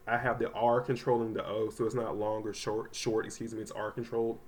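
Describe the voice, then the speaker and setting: A man teaching a third grade reading lesson to children at home, talking casually with many ums and slowly sounding out words. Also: fairly low pitch, little pitch movement, darkish tone. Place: home, voice only over the packet pages. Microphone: close mic, not seen.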